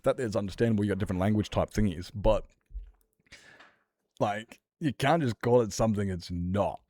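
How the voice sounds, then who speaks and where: Male streamer, lowish voice, close dry mic, rambling, casual swearing. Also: normal speed, warm tone, dry recording. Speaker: livestreamer. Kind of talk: casual chat with viewers while gaming.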